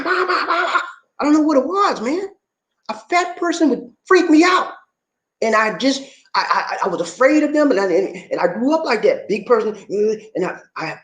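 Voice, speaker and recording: Playful guy explaining stuff to viewers, slightly high voice, echoey room. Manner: animated, playful, teasing the audience. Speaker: host.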